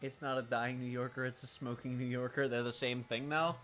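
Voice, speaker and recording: A man streaming a racing management game, talking casually with a raspy, smoker-like voice, swearing and making wry remarks as he thinks aloud. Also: mid-range voice, level tone, fairly quick, fairly bright tone, slight background noise. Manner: profane, wry, thinking aloud while playing. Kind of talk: casual live-stream commentary.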